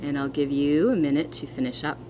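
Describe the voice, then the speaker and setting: A woman teaching a phonics lesson to young children, speaking slowly and clearly with encouragement. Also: sits low, fairly even intonation, lo-fi sound, background noise. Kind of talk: distance-learning phonics lesson.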